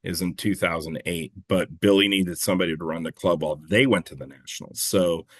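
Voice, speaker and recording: Low-voiced male guest, loose and rambling storyteller, swears casually, dry close mic. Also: brisk, dry recording. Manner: rambling, self-correcting, swears freely, laughs at own stories. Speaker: clay shooting competitor and coach, guest.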